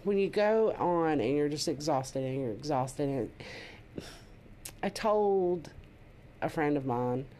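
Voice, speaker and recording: A woman's voice: low voice, lively intonation, slow pace, long pauses, mellow, a little hiss or hum. A woman, co-hosting a casual podcast chat and laughing often. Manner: laughs often, drawls "y'all". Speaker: podcast co-host.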